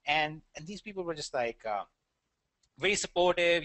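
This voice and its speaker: A man's voice: fairly high pitch, lively intonation, fairly quick, fairly bright tone, no room sound. Earnest Indian man presenting a webinar. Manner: earnest, rambling, many fillers and restarts. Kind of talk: online webinar talk.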